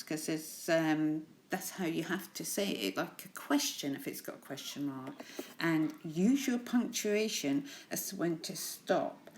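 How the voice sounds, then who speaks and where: A woman's voice: low voice, a little slow. A woman teacher in a recorded lesson, reading poems aloud to her pupils and chatting about them in a friendly, encouraging way with frequent laughs. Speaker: primary school teacher.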